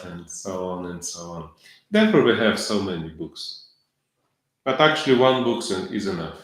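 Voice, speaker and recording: A middle-aged man giving a devotional lecture in halting English, full of fillers and self-corrections, with chuckles between points. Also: on the low side. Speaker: lecturer on scripture. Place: temple lecture hall. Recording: very echoey lecture hall.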